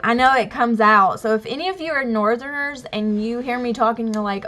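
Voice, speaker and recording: A woman's voice: fairly high pitch, normal speed, a bit bright, a little hiss or hum. A young woman from the US South with a Southern drawl, chatting casually to camera at home in a rambling way, full of fillers and "y'all". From Alabama, US South. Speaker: family vlogger. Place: family home.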